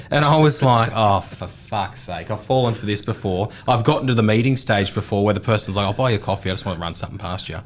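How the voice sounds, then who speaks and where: A man's voice: fairly low pitch, quick pace. A man, co-hosting a casual podcast and telling a story with plenty of swearing. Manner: swearing storyteller, mimics other people in quotes. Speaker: podcast co-host, real estate agent. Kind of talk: casual chat.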